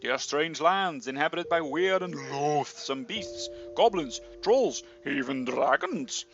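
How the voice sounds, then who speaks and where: A young man reads a fantasy gamebook aloud with a bright, lively, sing-song delivery, joking at the text between lines. His voice sits a little high. The recording is slightly dull, with faint music behind. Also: slow, gravelly. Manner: playful, animated, breaks in with jokey comments. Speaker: reader of a gamebook. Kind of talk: gamebook reading with joking asides.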